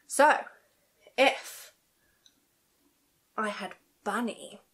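A young woman hosting a rhyme-time session for small children in a library, speaking in a gentle sing-song way with gasps and hushed asides. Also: a little high, very slow, husky. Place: library, indoors.

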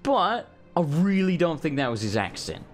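A man's voice: on the high side, big pitch swings, moderate pace, soft background music. A man hosting a let's play, giving casual gameplay commentary, joking and cursing freely. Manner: laughs often, swears casually.

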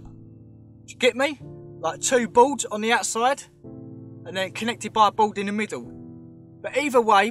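A man's voice: high voice, fairly bright tone. An English man giving a casual, emphatic vlog commentary, talking straight to his viewers and calling them mate. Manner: chatty, emphatic, keeps saying "mate", talks straight to viewers. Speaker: vlogger.

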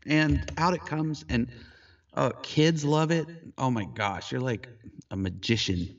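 A middle-aged man, a photographer, telling a story in casual conversation, animated and jumping high in pitch when he quotes himself, heard over a video call. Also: a little slow, distant mic, highs cut off. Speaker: photographer guest.

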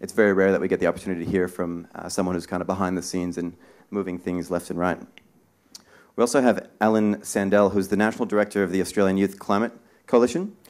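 A man moderating a live panel talk, speaking in a relaxed way with frequent hesitations and fillers. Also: deep voice, fast. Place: live talk event in a bar venue.

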